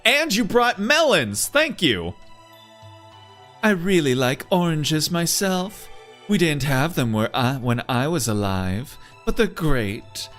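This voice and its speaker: Guy doing a sultry sweet game lady, slow and coaxing, pitch all over the place. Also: sing-song, fairly bright tone, faint music behind, heavily acted. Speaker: streamer reading game dialogue aloud. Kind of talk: voiced game playthrough.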